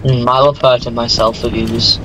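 A man co-hosting a gameplay video, excitable and joking, often stumbling over his words. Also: mid-range voice, moderate pace, background noise. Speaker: gaming video co-host. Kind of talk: casual gameplay chat.

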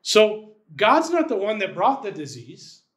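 A man's voice: high voice, sing-song, unhurried, fairly bright tone. A man, the church's pastor, preaching a sermon in a conversational style, often checking in with "right?".

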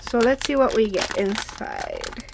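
A woman's voice: a little high, wildly swooping pitch, a little slow, vocal fry, noisy background. A woman hosting a toy unboxing video, chatty and giggly, exclaiming over tiny toys. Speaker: toy review host. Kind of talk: casual unboxing chat.

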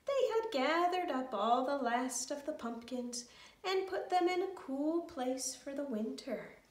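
A woman telling a children's story in a slow, gentle way, with sung refrains. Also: high-pitched, animated, roomy sound, distant mic.

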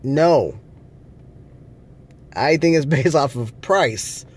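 A man's voice: on the high side, animated, very slow, husky. A man vlogging from a rental car, ranting angrily with lots of swearing. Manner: angry, profane ranting. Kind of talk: casual vlog rant.

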